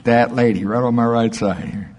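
A man preaching a sermon, telling stories with lively, animated delivery. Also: medium pitch, normal speed, a faint crowd, a little hiss or hum. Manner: storytelling, animated in anecdotes.

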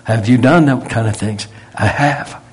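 Speaking a little slowly in a husky, mid-range voice, a male preacher shares stories in a folksy sermon. He keeps it conversational before turning emphatic to hammer home his points.

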